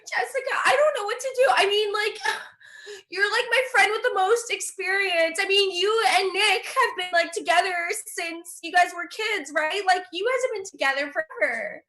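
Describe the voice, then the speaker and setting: A woman's voice: very high-pitched, normal speed, sharp tone. A woman in an improvised comedy scene playing a young woman who has just learned she is pregnant, talking in a giggly, gushing rush. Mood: overwhelmed. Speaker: improv performer. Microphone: video call.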